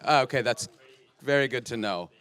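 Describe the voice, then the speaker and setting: A man, an actor at a press conference, talking playfully with jokes and quick restarts. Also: mid-range voice, a bit bright, clear, resonant tone. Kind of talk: joking press-conference banter.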